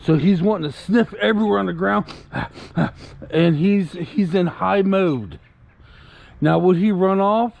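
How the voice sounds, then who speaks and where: In a lo-fi recording, a man with a high, somewhat slow, gravelly voice pauses often while vlogging on an outdoor walk with his puppy. He chats casually to the camera, rambling and repeating himself, and soothes the dog.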